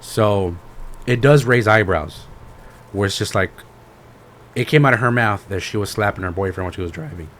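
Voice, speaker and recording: A man's voice: on the low side, normal speed, fairly bright tone, a little hiss or hum. A man co-hosting a podcast in casual chat, rambling and slangy, with lots of fillers. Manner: rambling, laid-back retelling with lots of fillers; slangy, says "bro". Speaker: podcast co-host.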